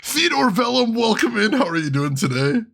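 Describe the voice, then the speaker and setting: A man's voice: high voice, big pitch swings, normal speed, vocal fry, a bit bright. Jokey man doing game commentary. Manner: jokey, laughs often, greets chat. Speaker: let's play host.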